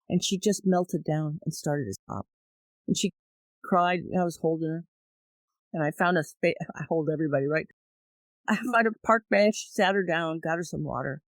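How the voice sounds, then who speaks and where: A woman guest on a podcast, telling personal stories in an animated way and acting out her own thoughts. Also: on the low side, normal speed, dry recording, low-quality recording. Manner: animated, acts out quoted thoughts. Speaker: guest therapist. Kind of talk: conversational storytelling.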